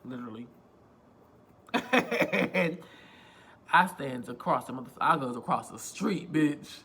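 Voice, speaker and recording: Bright-voiced man telling a rambling story. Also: mid-range voice, moderate pace, husky. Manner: rambling, profane, self-repeating. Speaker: vlogger. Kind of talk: casual storytime monologue. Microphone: phone.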